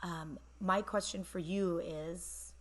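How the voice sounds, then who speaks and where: A woman's voice: fairly low pitch, steady tone, takes it slowly, a bit bright, a little hiss or hum. A woman hosting a casual live stream from her phone, talking emotionally and in rambling bursts about going back to work. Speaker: host. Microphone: phone camera.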